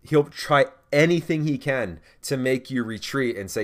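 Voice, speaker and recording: A man hosting a faith podcast, speaking earnestly and urging listeners he calls gentlemen. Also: medium pitch, moderate pace, few pauses. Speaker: podcast host. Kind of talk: exhorting faith podcast monologue.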